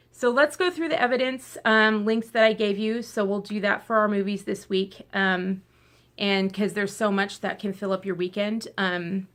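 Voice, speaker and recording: A woman's voice: mid-range voice, gravelly, bright, forceful tone. A woman talking casually to her camera, chatty and emotional, teary from crying, with many fillers and tangents. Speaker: video blogger.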